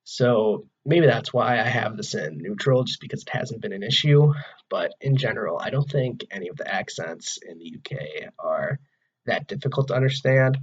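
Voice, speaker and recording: A man's voice: lowish voice, lively intonation, moderate pace, slightly rough, highs cut off. A man in his twenties from Wisconsin with an American accent, talking casually to camera in his own room and rambling with many "like"s and restarts. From Wisconsin, USA. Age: 20s. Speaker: vlogger.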